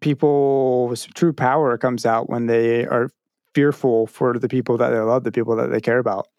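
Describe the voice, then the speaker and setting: Male podcast co-host, middle pitch, laid-back and wry, dry close mic. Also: moderate pace, no room sound, dull audio. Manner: relaxed, joking, short agreeing replies. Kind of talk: casual chat about a cartoon.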